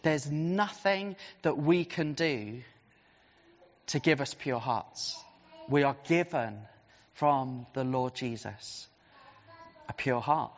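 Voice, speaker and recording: A preacher tells a story from the pulpit with lively shifts of pace. The voice rings out with a long reverb through a large church. The recording sounds dull and muffled. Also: mid-range voice, slow, long pauses. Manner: animated, vivid storytelling with swings of pace. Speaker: preacher and city centre chaplain. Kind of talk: storytelling sermon.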